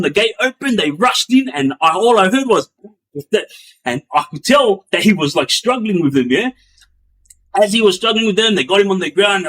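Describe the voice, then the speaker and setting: A man telling a story in a loose, rambling way, with many fillers and restarts, acting out the action with bangs and booms. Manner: animated, acts out sounds with bangs and booms. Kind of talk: casual spoken storytelling.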